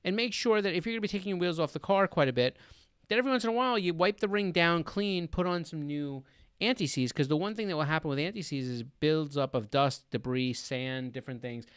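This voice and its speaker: Guy hosting a laid back live stream, smooth voice, dry sound, lots of uh and um. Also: fairly high pitch, fast talker, no room sound. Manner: relaxed, filler-heavy explaining with laughter.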